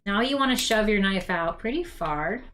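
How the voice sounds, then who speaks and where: A woman's voice: mid-range voice, expressive, moderate pace, fairly bright tone, soft background music. A young woman hosting a casual cosplay crafting stream, talking straight to her viewers with plenty of ums as she works. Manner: chatty, talks to viewers as "you guys", many ums. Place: home craft room.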